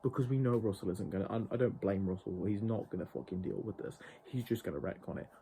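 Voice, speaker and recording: A man's voice: on the low side, quick pace, vocal fry, warm tone, a little hiss or hum. A man reviewing a TV show in an exasperated, profane rant. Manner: exasperated, heavily profane ranting. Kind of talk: ranting review vlog.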